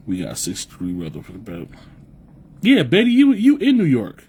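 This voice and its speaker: A man's voice: medium pitch, huge pitch swings, moderate pace, dark tone, a little hiss or hum. A young man from the US Midwest hosting a live podcast, chatting loosely and profanely with viewers and repeating himself as he rambles. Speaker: podcast host reading live chat. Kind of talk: casual live-stream chat.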